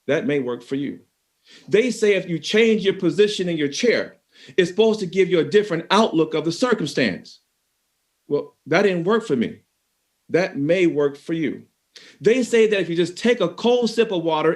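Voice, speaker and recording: Brief: male keynote speaker, slightly high voice, lively storyteller who talks straight to the crowd. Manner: animated storyteller, addresses the audience directly. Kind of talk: motivational talk.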